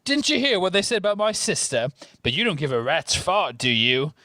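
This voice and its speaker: Man reading as a teenage boy wizard, sulky, bitter, higher voice, lively pitch. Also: a little fast, dry recording, full character voice. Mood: furious. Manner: bitter, complaining, dramatic. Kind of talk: podcast read-through of a scene.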